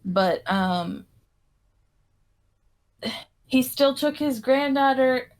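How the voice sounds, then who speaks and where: Slow-talking, high-voiced woman podcaster. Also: lively intonation. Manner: rambling retelling of a film, with acted-out quotes. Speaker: podcast co-host. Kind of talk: casual chat.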